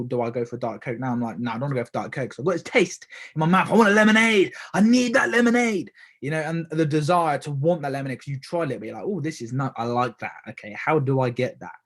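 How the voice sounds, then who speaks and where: Fast-talking husky young man podcaster. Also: medium pitch. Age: young adult. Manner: rambling, with many fillers and self-corrections. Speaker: podcast host. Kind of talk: casual solo podcast talk.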